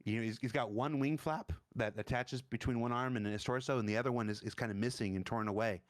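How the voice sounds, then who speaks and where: A man narrating a tabletop game as dungeon master, halting and searching for words. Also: medium pitch, no echo, clean studio sound.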